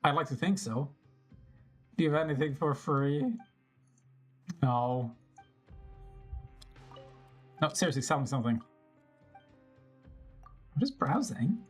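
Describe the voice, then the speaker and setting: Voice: mid-range voice, expressive, unhurried, long pauses, slightly rough, soft background music. A streamer casually commenting on a game, swearing and joking at the characters.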